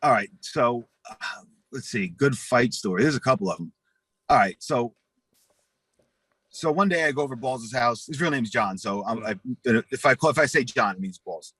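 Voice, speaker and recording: A husky man in his forties, telling rambling, profane stories as an interview guest and acting out the voices in them. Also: medium pitch, expressive, moderate pace, a bit bright, no room sound. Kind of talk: casual storytelling.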